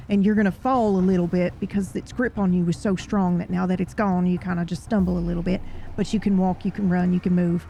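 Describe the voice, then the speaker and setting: Female game master, gravelly, animated horror narration. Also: fairly low pitch, a little hiss or hum. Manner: animated, quick to exclaim.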